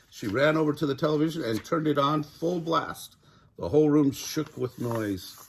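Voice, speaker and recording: An older man, a grandfather, narrating a children's story aloud in an animated, chuckling way. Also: medium pitch, moderate pace.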